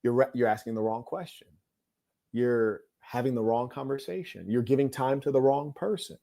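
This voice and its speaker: A man's voice: medium pitch, normal speed, vocal fry, mellow. A man talking in a blunt, dismissive monologue full of slang, often asking "you hear me?". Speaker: host. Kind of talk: casual monologue.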